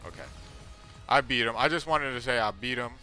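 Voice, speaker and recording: A man commentating on a video game playthrough in a playful, jokey way with bursts of loud excitement. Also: medium pitch, quick pace, faint music behind. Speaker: gaming streamer. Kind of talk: let's play commentary.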